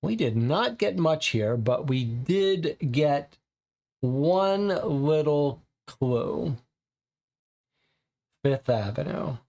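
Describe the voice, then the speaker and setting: A man narrates a noir tabletop game and chats to his viewers between scenes. His voice is a touch high with a gravelly fry. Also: lively intonation, extremely slow, pauses often, darkish tone. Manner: chatty, asides to viewers. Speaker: game host playing a solo noir case.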